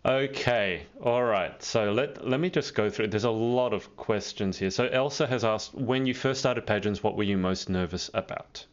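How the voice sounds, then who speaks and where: An Australian man hosting a casual live interview, reading out viewer comments in a relaxed, joking way. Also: on the low side, normal speed, hardly any pauses. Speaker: interview host. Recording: dull lo-fi stream audio.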